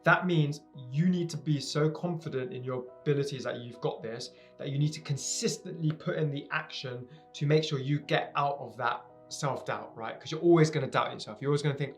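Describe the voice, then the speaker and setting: A young man talks directly to his viewers in an earnest, emphatic way, repeating key phrases to drive them home. His voice sits at an ordinary middle pitch. Faint guitar music plays quietly behind him. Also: fairly quick. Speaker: entrepreneur giving advice to viewers. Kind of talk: direct-to-camera motivational talk.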